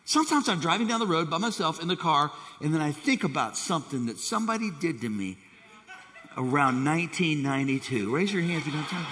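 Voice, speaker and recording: A man preaching with a high, bright and forceful voice, swinging between hushed asides and excited bursts as he calls on the congregation. His sermon rings out with a long reverb from a large church hall. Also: fast. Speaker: pastor.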